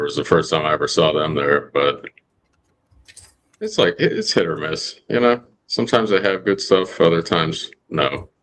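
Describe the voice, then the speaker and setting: A man with a very low voice chats easily on a livestream. He sounds relaxed and unhurried in his talk. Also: slight background noise. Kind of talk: casual chat.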